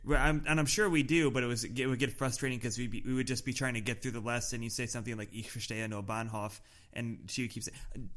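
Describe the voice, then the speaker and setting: Man from the States, podcast co-host, bright clear voice, playful teasing chat. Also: medium pitch, steady tone, fast. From United States. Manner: chatty, teasing, restarts often. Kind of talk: casual chat. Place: living in Germany.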